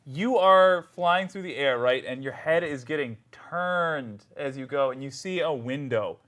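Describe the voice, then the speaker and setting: A man's voice: fairly high pitch, measured pace, a bit bright. A man narrating a tabletop role-playing game as game master, describing scenes vividly and ruling on moves.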